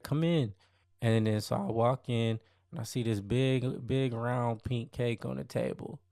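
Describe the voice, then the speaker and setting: A young man recounts a personal story casually, in slangy talk that circles back on itself. His voice is gravelly at a middling pitch. The recording is dry and close. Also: level tone, unhurried, mellow, no echo. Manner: slangy, conversational, repeats himself. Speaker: podcast host.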